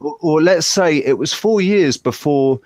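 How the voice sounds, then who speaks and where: A man's voice: fairly high pitch, measured pace, no room sound. Guy hosting a live chat, rambly, swears, does little voices, dry close mic. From Western Australia. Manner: animated storyteller, acts out voices, swears. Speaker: channel host in live group chat.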